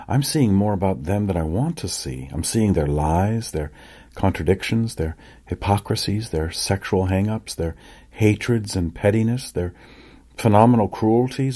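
An earnest woman accountant unburdens herself, piling up emphatic lists of what she sees in people's lives, as a man puts her on. The voice sits higher than plain narration but keeps a husky, dark core. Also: animated, moderate pace. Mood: troubled.

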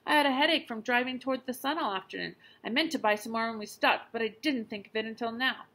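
Storybook father, exasperated and helpless, slightly gravelly, read by a woman. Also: on the high side, fast, fairly bright tone, pitched above the performer's own voice. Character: exasperated father of a sick boy.

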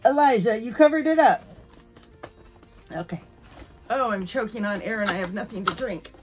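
A woman's voice: fairly high pitch, normal speed, over music. A woman chatting casually through an unboxing, playful and giggly, now and then slipping into a spooky voice. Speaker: unboxing YouTuber.

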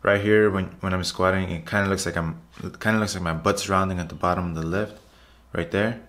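A man's voice: low-pitched, fairly even intonation, fairly quick, fairly bright tone. A man narrating his workout footage as a casual vlog voiceover, chatty and repetitive, often calling out to his viewers. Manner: loose, repetitive, chatty, says "guys" often. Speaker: fitness vlogger.

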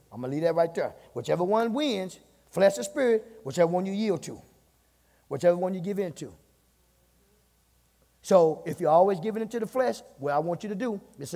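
A male pastor preaching from the pulpit, repeating phrases and building to shouts. His voice sits high and has a gravelly, husky edge. It rings with the long reverb of a church hall. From United States. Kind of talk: sermon. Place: church sanctuary.

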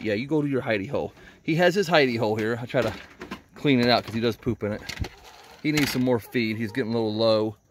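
A man rambling casually while doing farm chores outdoors, often talking to his animals. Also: medium pitch. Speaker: homesteading vlogger. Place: outdoors at backyard animal pens. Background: chickens clucking.

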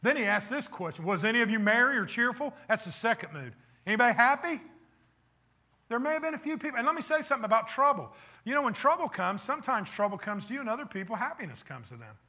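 A man's voice: very high-pitched, big pitch swings, fast, few pauses, bright, forceful tone. A man preaching a sermon as pastor, emphatic and full of rhetorical questions, with wry, teasing asides.

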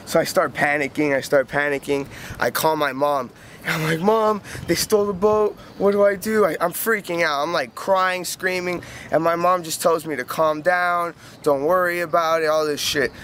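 A young man tells a rambling, profane anecdote outdoors by a canal, speaking casually, saying "like" constantly, and restarting his sentences. His voice is slightly high and a bit bright, steady in tone, at normal speed. The recording is noisy, with street ambience and passing traffic.

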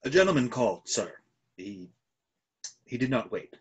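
A man's voice: mid-range voice, big pitch swings, normal speed, husky. A man playing a deferential, formal manservant in a play reading over a video call, with a stiff, proper delivery.

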